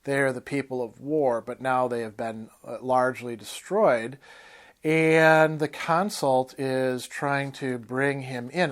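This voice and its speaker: Thoughtful male lecturer explaining a novel. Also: medium pitch. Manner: thoughtful, explaining with pauses and fillers. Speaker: philosophy lecturer.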